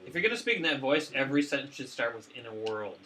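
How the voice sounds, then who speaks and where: A man's voice: mid-range voice, big pitch swings, quick pace, bright, forceful tone, slight background noise. A man playing a board game with friends, joking and egging the others on. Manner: joking, eager, urges others on. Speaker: player. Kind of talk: casual board game play.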